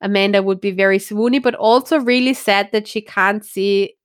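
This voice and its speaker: Chatty giggly woman, smooth close voice. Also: medium pitch, steady tone, moderate pace, no room sound. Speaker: podcast co-host. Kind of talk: casual news chat.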